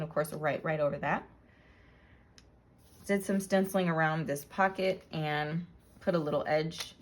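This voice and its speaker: A woman casually narrating a flip-through of her handmade journal, relaxed, with frequent ums and self-corrections. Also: low-pitched, a little hiss or hum.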